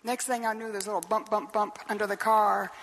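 A woman's voice: mid-range voice, flat delivery, a little fast, a bit bright. An older woman, a Bible teacher preaching a sermon in an earnest storytelling way, often asking rhetorical questions. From Southeastern US. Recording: long hall reverb.

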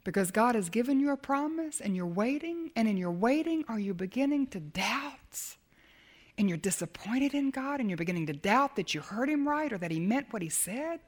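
Woman preaching, kinda high voice, gets loud and then drops really soft for effect. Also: lively intonation, normal speed. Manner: dramatic, swings from emphatic to hushed. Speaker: Bible teacher. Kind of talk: sermon.

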